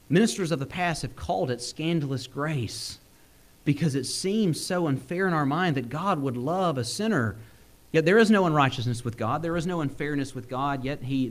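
A young male preacher, delivering a sermon. He is a bit sick, and his delivery swings in pitch and pace, with frequent chuckles. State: sick, using cough drops.

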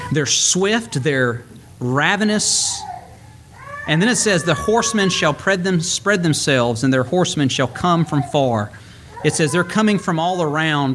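A man's voice: fairly high pitch, a bit bright, a little hiss or hum. Man preaching a folksy sermon. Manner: reads scripture slowly, then shifts into quick folksy asides. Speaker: pastor.

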